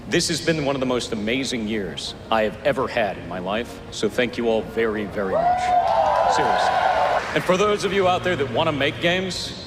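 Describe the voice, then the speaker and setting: A man gives a grateful, earnest award acceptance speech in a mid-range voice. The live event recording is full of noticeable noise. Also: mid-range voice.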